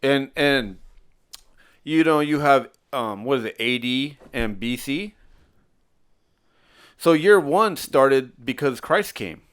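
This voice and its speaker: A man's voice: mid-range voice, lively intonation, slow pace, pauses often, fairly bright tone, smooth. Middle-aged father rambling in casual chat. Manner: rambling, thinking aloud. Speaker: podcast co-host, father. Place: at home. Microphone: stand mic.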